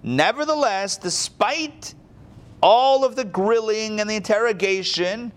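A man voicing Judah, a grown man pleading earnestly yet forcefully before a ruler. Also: high-pitched, unhurried, voice pushed up.

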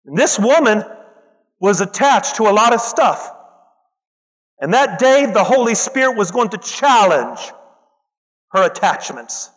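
High-voiced animated male preacher. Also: unhurried, pauses often. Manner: animated, acts out quoted voices, loud bursts. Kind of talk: sermon. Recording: long hall reverb.

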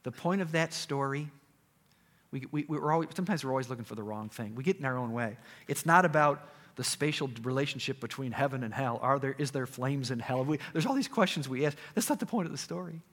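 A male preacher giving a sermon, retelling a story with dramatic swings from loud to hushed. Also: medium pitch, animated, fairly quick. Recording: echoey hall.

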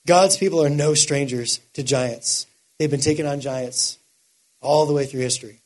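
A man delivers a sermon in a high, husky voice. He climbs from measured, quiet phrases to impassioned, near-shouted peaks, then drops low again. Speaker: preacher.

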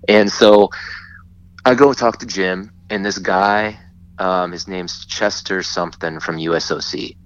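A man telling a story in casual chat, animated and often laughing as he acts out what others said. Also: low-pitched, unhurried. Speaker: guest. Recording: dull lo-fi sound.

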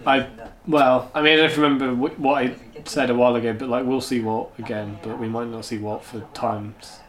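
A man's voice: medium pitch, flat delivery, brisk, fairly bright tone, reverberant. A man co-hosting a casual rewatch podcast, teasing his co-host and laughing often.

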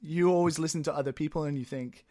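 A man from England hosts a relaxed podcast conversation, his voice sitting a little high for a man. He talks in a chatty, self-deprecating way and laughs often. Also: fast talker. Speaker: podcast host. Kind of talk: casual podcast chat.

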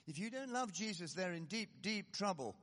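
A man preaching a sermon in an animated, conversational way, with self-deprecating asides. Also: high voice, moderate pace, in a large hall.

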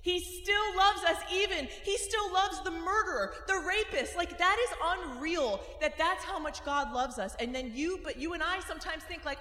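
A woman in her thirties giving a lively faith talk to a live audience. She often calls on the crowd for a response. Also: very high-pitched, moderate pace, few pauses. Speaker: speaker. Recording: long hall reverb.

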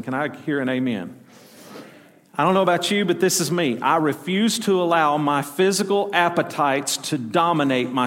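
A man's voice: on the high side, fairly bright tone. A middle-aged man with a Southern US accent, preaching a sermon with folksy stories and call-and-response to his congregation. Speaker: pastor. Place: church sanctuary. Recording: long reverb of a church hall.

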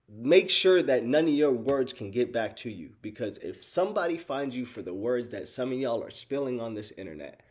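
Male streamer, casual and profane, laughs easily, speaks to viewers directly, mid-range pitch. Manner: animated, profane, laughs often, addresses listeners as y'all. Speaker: streamer talking to chat. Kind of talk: casual chat.

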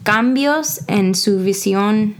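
A woman's voice: medium pitch, slow. A woman co-hosting a casual podcast, asking playful questions and laughing often. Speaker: podcast co-host.

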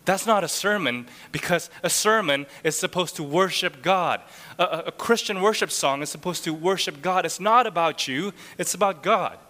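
A man's voice: high-pitched, normal speed, sharp tone. A man preaching a sermon in an earnest, rhetorical way, often checking in with the listeners. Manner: earnest, rhetorical, frequent "right?" tags. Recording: long hall reverb.

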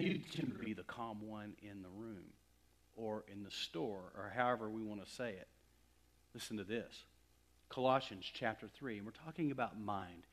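A male pastor preaching a sermon, building to emphatic, louder swells and then dropping to hushed, slow asides. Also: medium pitch.

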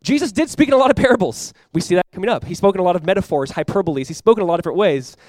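A young adult man preaching a sermon as pastor, animated and acting out playful voices for the disciples. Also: high-pitched, very fast, no room sound.

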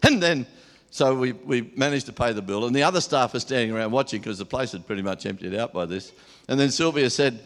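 A man's voice: mid-range voice, lively intonation, quick pace. A man preaching an informal sermon in a church hall, telling stories in a chatty way and laughing often.

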